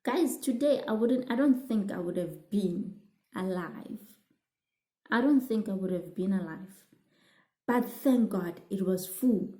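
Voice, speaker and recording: Slow-talking woman telling a storytime vlog. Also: medium pitch, roomy sound. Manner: animated, addresses viewers as guys, many fillers and restarts. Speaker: vlogger.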